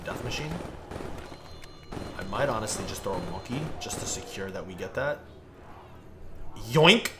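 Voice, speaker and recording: A man's voice: deep voice, animated, normal speed, pauses often, noisy background. A young man casually chatting with viewers while he plays, rambling and laid-back, full of "like" and "bro". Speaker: gaming streamer.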